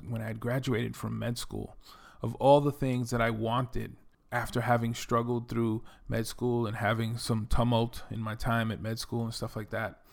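A man's voice: medium pitch, vocal fry. A middle-aged man from the Bronx with a New York accent, telling his life story in a casual, reflective monologue full of "you know" and "um". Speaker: former Air Force veteran and doctor telling his story.

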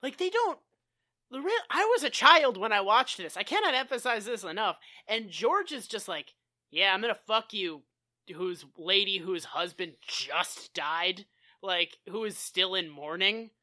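Animated woman recapping a movie. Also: mid-range voice, measured pace. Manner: animated, acts out characters in quotes, profane. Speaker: podcast co-host. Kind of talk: casual movie recap chat.

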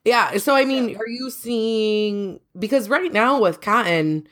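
A woman's voice: a little high, slow pace, a bit bright. A woman co-host who talks about farm markets in a chatty, self-deprecating way and asks lots of questions. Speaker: agricultural market analyst, co-host. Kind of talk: casual podcast chat.

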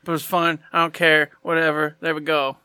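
A man's voice: on the high side, level tone, brisk, bright, forceful tone, clear, resonant tone, dry recording, studio quality. A man co-hosting a gaming podcast, chatting in a playful, goofy and enthusiastic way. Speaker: podcast co-host. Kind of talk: casual gaming podcast chat.

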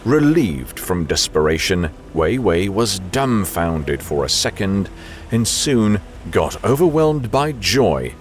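A man narrating a novel as an audiobook in a measured storytelling manner. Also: fairly low pitch, sing-song, a little hiss or hum.

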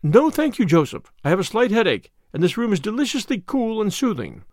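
A man reading an audiobook, voicing a gentle, polite young woman. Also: high-pitched, very animated, brisk, no echo, clean studio sound, voice pushed up. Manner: polite, mild. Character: young woman, sister, gentle and soft-spoken.

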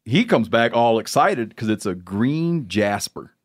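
A man's voice: mid-range voice, sing-song. A man hosting a podcast, telling a rambling story in casual, joking chat. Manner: storytelling, joking, drawn-out asides. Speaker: podcast host.

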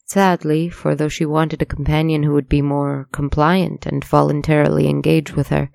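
Gravelly storyteller, pretty monotone, reads steady, dry close mic. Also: mid-range voice, no echo. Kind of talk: scripted narration.

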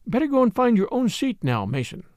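A man voicing a spoiled, wealthy young American woman who speaks with strained, forced brightness in a storybook reading. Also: very high-pitched, wildly swooping pitch, fairly quick, no echo, studio quality, pitched above the performer's own voice, heavily acted. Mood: tense.

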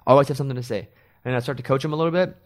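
A middle-aged man, a radio host, chatting casually and telling animated stories with quoted voices. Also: mid-range voice, very fast. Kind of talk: casual chat.

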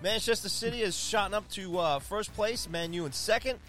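A man's voice: sits high, moderate pace, a bit bright, faint music behind. A man co-hosting a sports podcast in casual chat, rattling off league standings with jokes and asides. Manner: chatty, jokey, rambling with fillers. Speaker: podcast co-host.

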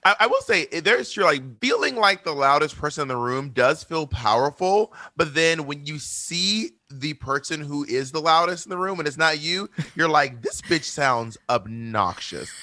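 A man co-hosting a podcast, chatting casually in a sassy, animated, jokey way. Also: a little high, no room sound. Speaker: podcast co-host. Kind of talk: casual chat.

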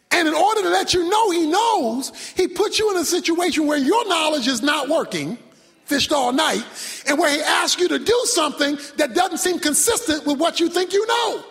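A male pastor preaching a sermon, emphatic, swinging from shouted points to quiet low asides. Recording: long reverb from a large hall.

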